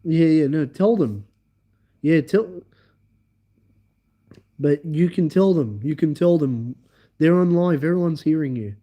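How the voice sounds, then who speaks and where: A man hosting a livestream, telling a rambling story in an excitable way and talking directly to his viewers. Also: on the high side, unhurried, long pauses. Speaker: livestream host.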